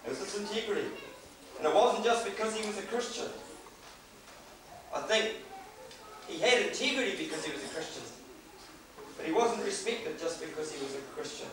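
High-voiced man preaching in an echoey church. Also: lively intonation, moderate pace, pauses often, crowd noise. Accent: New Zealand. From New Zealand. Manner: conversational, joking asides. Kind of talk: sermon. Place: church hall. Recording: echoey hall, distant mic, faint hiss.

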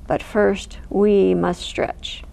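A woman's voice: medium pitch, level tone, very slow, gravelly, warm tone, heavily acted. A woman voicing a stern male lion teacher who is hard to impress, speaking in a dry, instructive way in a picture-book story. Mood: instructing.

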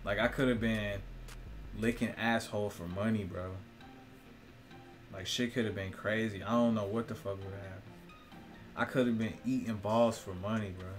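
A man's voice: on the low side, fairly even intonation, normal speed, pauses often, soft background music. A man hosting his own video channel, talking loosely and profanely in a rambling monologue, laughing often and throwing questions at viewers. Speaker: vlogger, host of own channel. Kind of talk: casual rambling monologue to camera.

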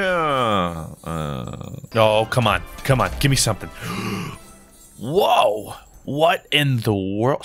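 A young American man commentating as he opens loot boxes, bursting into gasps, squeals and hummed tunes. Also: mid-range voice. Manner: animated, gasps and squeals at loot drops, sings and hums along. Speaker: gaming YouTuber. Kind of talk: excitable gameplay commentary.

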